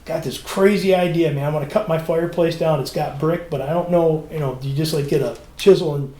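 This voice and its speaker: A podcast co-host with a voice on the high side talks briskly in casual chat, telling a story and animatedly acting out the people in it by quoting them. The sound is roomy.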